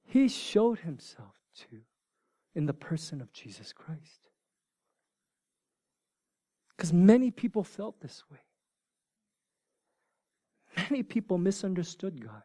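Pastor guy in his 40s, high voice, dry mic, jokey, then goes all whispery. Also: slow pace, long pauses, no echo. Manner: swings from loud animated bursts to hushed near-whispers; informal, joking with the congregation. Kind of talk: sermon.

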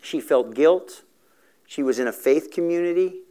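A man's voice: fairly high pitch, lively intonation, moderate pace, mellow. A middle-aged man telling a story in a sermon for a recovery ministry, earnest and emotional, acting out the dialogue.

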